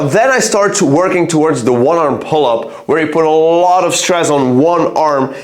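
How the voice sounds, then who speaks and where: A fitness vlogger talks casually to camera about his own training, earnestly thinking aloud and pointing to his arms as he explains. His voice is on the high side, and the room is echoey.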